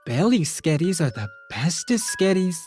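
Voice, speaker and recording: A woman's voice: fairly low pitch, lively intonation, slow pace, darkish tone, faint music behind. A woman voicing a cruel, sadistic man who croons in a sing-song voice. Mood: crooning.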